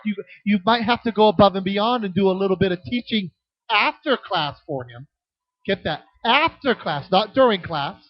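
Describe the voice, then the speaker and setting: A middle-aged man giving a conference teaching session on children's ministry, telling stories with acted-out voices and shifting loudness. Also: high-pitched, muffled recording. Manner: animated storytelling with acted-out voices.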